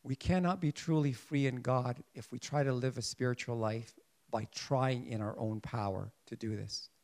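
A man preaching a sermon in an earnest way, often restarting his sentences as he searches for words, sometimes rising in emphasis and sometimes going quiet. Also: mid-range voice, steady tone, normal speed.

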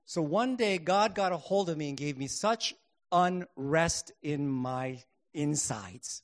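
A middle-aged man preaching a sermon and telling his own testimony, earnest, rising to emphatic bursts and then dropping quiet. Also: a little high, expressive, slow pace.

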